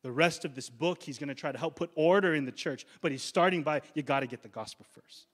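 A male pastor preaching a sermon in a conversational, urgent way, slowing down on key words. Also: fairly high pitch, fairly bright tone. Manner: conversational preaching, slows down for emphasis.

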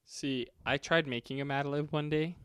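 A man's voice: on the high side, steady tone, moderate pace, a bit bright, smooth, no room sound. A man chatting casually on a podcast, rambling with many repeated fillers. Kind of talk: casual chat.

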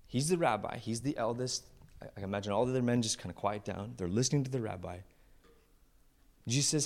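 A male pastor preaching to his church, retelling a story with playful asides and quick voices for the characters. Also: medium pitch, a little mellow. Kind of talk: lively storytelling sermon.

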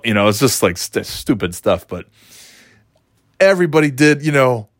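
A man's voice: mid-range voice, sing-song, moderate pace, long pauses, dry recording, clean studio sound. A man in his forties chatting casually, telling rambling, enthusiastic stories and laughing often. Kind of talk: casual chat.

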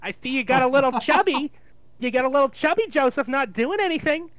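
A man voicing an older nagging mother in a put-on New York Jewish accent, high and whiny. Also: animated, fast, no echo. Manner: high shrill whiny scolding. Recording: dull dry lo-fi sound.

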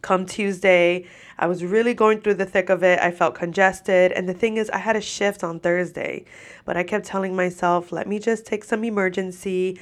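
Seated at a microphone, a podcast host with a stuffy nose and short breath rants casually, swearing freely and laughing. Her voice sits on the low side with fairly even intonation, and she speaks at a moderate pace.

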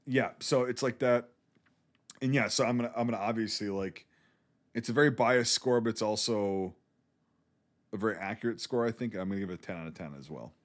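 Male co-host, mid pitch, emphatic, profane, casual delivery. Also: fairly quick. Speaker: podcast co-host. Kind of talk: casual film podcast chat.

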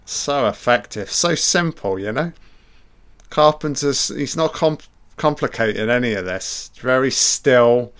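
A man's voice: medium pitch, unhurried, clean tone. A man giving a casual, sweary commentary on a film, muttering his reactions as he watches. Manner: relaxed, sweary, muttering asides.

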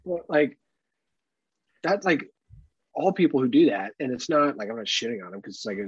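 A man's voice: mid-range voice, big pitch swings, moderate pace, husky, dry recording. A man co-hosting a podcast in casual chat, joking, swearing freely and acting out mock quotes. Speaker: podcast co-host. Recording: slightly dull dry sound.

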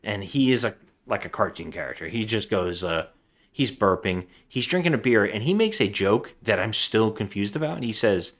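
Male podcast co-host, lowish voice, rambling casual recap. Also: lively intonation, normal speed, fairly bright tone. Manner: rambling, acts out lines in voices. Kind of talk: casual movie recap chat.

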